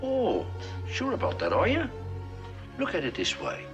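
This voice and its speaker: A kindly chimney sweep with a put-on lilt, his voice swooping up and down in a folksy, coaxing way. It comes from a muffled old film soundtrack, with music playing clearly underneath. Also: high-pitched, huge pitch swings, unhurried, heavily acted. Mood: tender. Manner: lilting, folksy, gently persuasive. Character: cheerful adult male chimney sweep, kindly.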